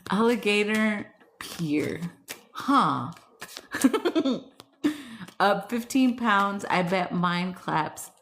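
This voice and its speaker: A giggly woman chatting on a casual livestream, her bright voice swinging widely in pitch as she teases her viewers. She talks at an unhurried pace, breaks into frequent laughter and slips between English and Spanish. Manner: playful and teasing. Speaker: livestream host reading chat.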